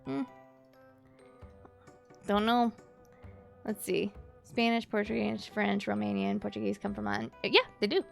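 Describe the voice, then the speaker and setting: A woman's voice: medium pitch, fairly even intonation, measured pace, vocal fry, long pauses, faint music behind. A woman from Louisiana chatting with her stream chat while she plays a game, musing and reading comments aloud.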